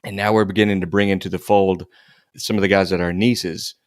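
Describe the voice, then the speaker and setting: A man's voice: sits low, level tone, a little fast, no room sound, studio quality. A middle-aged man co-hosting a faith-based podcast, thinking aloud in a reflective, casual way. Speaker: podcast co-host.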